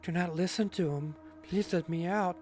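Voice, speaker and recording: A man voicing a pleading old grandmother in a high, wavering falsetto. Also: moderate pace, a little mellow, soft background music, lightly acted.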